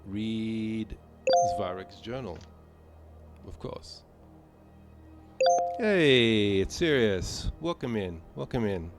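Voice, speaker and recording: A man's voice: on the low side, sing-song, slow pace, pauses often, loud music behind the voice. A man from Malta chatting casually with viewers while playing a game on a live stream, rambling with many fillers. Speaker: gaming streamer.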